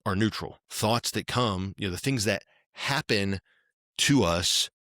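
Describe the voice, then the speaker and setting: Low-voiced man telling a rambling story. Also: measured pace, bright, forceful tone, no room sound, studio quality. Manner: rambling, tags lines with "right?". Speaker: podcast co-host. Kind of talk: casual chat, storytelling.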